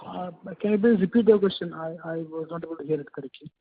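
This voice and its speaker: High-pitched executive man, tinny line. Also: quick pace, breathy edge. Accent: Indian English. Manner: brief, polite, deferential. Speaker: company executive.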